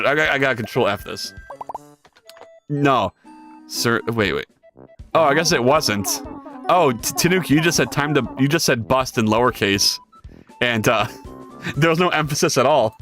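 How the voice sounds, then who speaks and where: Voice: medium pitch, sing-song, normal speed, a bit bright, faint music behind. A streamer and game developer chatting casually during a live 3D modeling session, joking and reading chat messages aloud, often restarting sentences. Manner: chatty, jokey, reads chat aloud and answers it; rambling with frequent restarts and repeated words.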